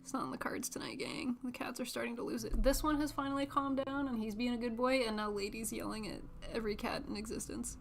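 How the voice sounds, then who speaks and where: A woman's voice: on the high side, steady tone, quick pace, vocal fry, hardly any pauses, a little hiss or hum. A woman around thirty chatting casually on a livestream while building model kits, cooing at her cats and often dropping into a whisper. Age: about 30.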